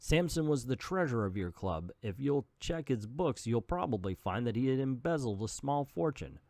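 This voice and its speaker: A man's voice: mid-range voice, very animated, moderate pace, darkish tone, no echo. A man voicing an earnest, heroic male archer as he reads a comic aloud, explaining how the case was solved.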